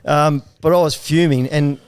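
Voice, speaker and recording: A man's voice: fairly high pitch, steady tone, moderate pace, clean tone. A middle-aged man chatting as a podcast guest, telling stories with lots of laughter and swearing. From Australia. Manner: laughing, profane storyteller. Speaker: guest jockey. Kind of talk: casual podcast chat.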